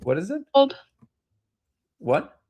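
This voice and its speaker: A man's voice: high-pitched, wildly swooping pitch, slow pace, a little mellow, slightly rough. A man hosting a live discussion show, telling stories in a rambling way with many fillers and restarts. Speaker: host.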